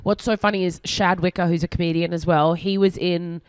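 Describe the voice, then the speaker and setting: A woman comedian telling a story in casual chat, animated and full of "like". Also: fairly low pitch, brisk, clear, resonant tone, no echo. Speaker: comedian guest.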